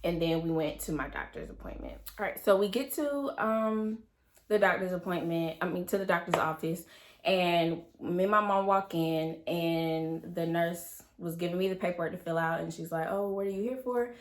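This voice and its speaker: A woman's voice: on the low side, normal speed. Young woman telling a personal story. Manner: animated retelling, acts out quoted dialogue, many fillers. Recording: echoey room.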